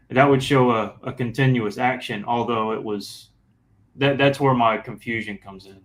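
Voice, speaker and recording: Male student asking a halting question. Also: medium pitch, steady tone. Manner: halting, thinking aloud while asking. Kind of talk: classroom question.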